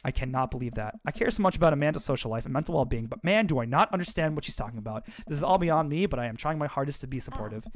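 A man streaming a dating game, reading a gentle dad's lines with playful asides. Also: medium pitch, expressive, racing, hardly any pauses, no room sound. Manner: playful, reads a gentle dad role with asides. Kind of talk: let's-play commentary and dialogue reading.

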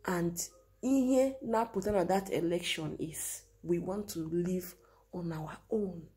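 A woman with a lowish, mellow voice speaks slowly, her Nigerian Igbo accent clear. She is a commentator delivering an earnest, lamenting monologue in mixed Igbo and English, full of rhetorical questions.

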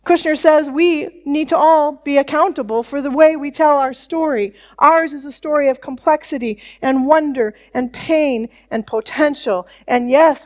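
High-voiced woman pastor, lively conversational sermon delivery. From United States. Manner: conversational preaching, animated quoted voices. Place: church.

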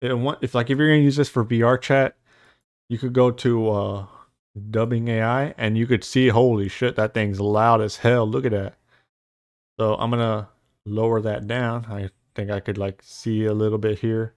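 A man's voice: on the low side, fairly even intonation, normal speed, dry recording, clean studio sound. Rambling casual man walking through a tutorial. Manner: rambling, casual, curses lightly. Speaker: host. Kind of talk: software tutorial. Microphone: studio mic with noise suppression.

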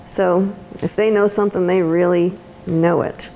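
A woman's voice: on the low side, steady tone, unhurried, dark tone, a little hiss or hum. A woman giving a conversational lecture as an autism educator, with frequent ums and restarts. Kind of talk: university lecture talk. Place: lecture room.

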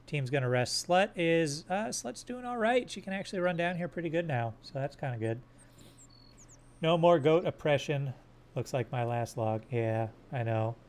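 A man's voice: on the high side, expressive, normal speed, darkish tone. A man streaming a game live, joking crudely and swearing as he plays. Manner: hums silly sound effects. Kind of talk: live gameplay commentary.

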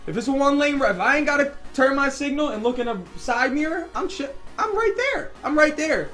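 A man's voice: very high-pitched, a little fast. Young man telling a rambling story over game music. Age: young adult. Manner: animated, rambling storyteller who gets loud and excited. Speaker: gaming YouTuber. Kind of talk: casual storytime over gameplay. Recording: faint background music.

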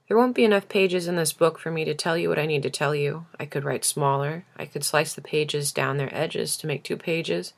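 Woman narrator, gravelly, measured, intimate. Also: sits low. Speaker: audiobook reader. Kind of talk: reading a novel aloud.

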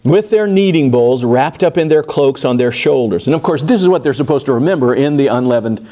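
A man leading a Bible study in a church, in a mid-pitched, conversational voice. He wanders into asides with plenty of fillers and lifts his voice for emphasis when he reads the text. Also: animated, fairly quick, mellow. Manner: digressive, many fillers and asides, rises for emphasis when reading.

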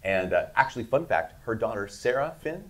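Brief: 50s man, low voice, interview guest, animated and laughing anecdotes. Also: fairly quick. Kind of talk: casual storytelling.

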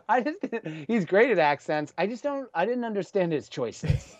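A man's voice: high voice, very animated, normal speed, no room sound, muffled recording. A man guesting on a podcast as a comedian, riffing jokily and laughing often in casual chat.

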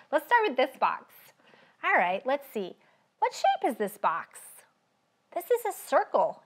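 A woman running a children's library storytime, talking in a drawn-out, sing-song way for small children. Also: mid-range voice, fairly bright tone.

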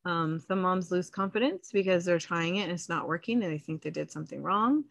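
A woman in her thirties hosting a parenting podcast, talking earnestly and casually, with soft laughs and quick acted-out bits of parents' voices. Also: fairly low pitch, vocal fry. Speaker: podcast host, sleep consultant. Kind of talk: casual solo podcast talk.

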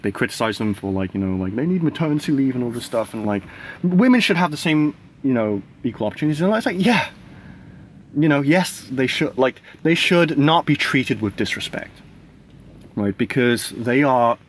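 A man in his thirties gives a loose, rambling monologue to camera, with filler words all through it. His voice sits at an ordinary middle pitch, and his talk is casual, with the occasional swear word. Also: slight background noise. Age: 30s. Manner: rambling, many "like" and "right?" fillers; swears casually, laughs between thoughts. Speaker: vlogger.

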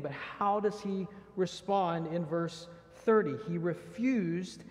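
A man's voice: sits high, darkish tone. A man preaching a verse-by-verse sermon as pastor, earnest, asking rhetorical questions and reading scripture aloud. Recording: long church reverb.

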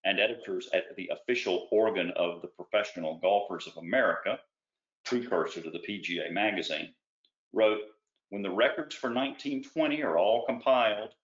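A man narrating a nonfiction audiobook in a steady storytelling read, with a few small stumbles and restarts. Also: lowish voice, normal speed. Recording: roomy, dull lo-fi recording.

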